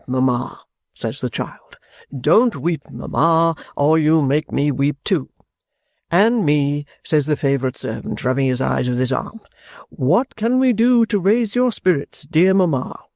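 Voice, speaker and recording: A man's voice: on the high side, dry recording, studio quality. A man voicing a pompous theatrical actor who drawls his words grandly. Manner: slow, drawn-out, grandly theatrical.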